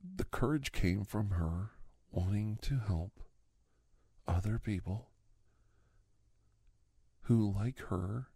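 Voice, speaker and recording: A man in a whispered role-play, rambling in an earnest, sentimental way with soft whispered asides, close to the microphone. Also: on the low side, takes it slowly, vocal fry, long pauses, slightly rough, no echo. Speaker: host playing a doctor character.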